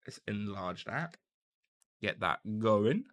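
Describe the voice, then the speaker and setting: A live streamer giving casual gameplay commentary, chatty and excitable, swearing casually while talking to a friend on call. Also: low voice, takes it slowly, no echo.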